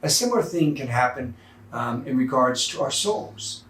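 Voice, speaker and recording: A man's voice: mid-range voice, expressive, normal speed, fairly bright tone, reverberant, distant mic, slight background noise. A male priest giving a sermon in a conversational storytelling way with fillers, in a church.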